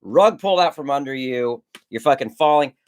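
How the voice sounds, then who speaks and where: A man's voice: mid-range voice, lively intonation, moderate pace, clear, resonant tone. A man in his forties from Maryland, telling rambling stories in casual chat and correcting himself as he goes. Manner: rambling, self-correcting storyteller. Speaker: host, director and former child actor.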